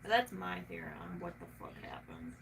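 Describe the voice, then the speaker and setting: A woman's voice: fairly low pitch, fairly quick, creaky. Rambling, swearing woman with a Southern twang. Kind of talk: casual chat. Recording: noisy room, mic at a distance.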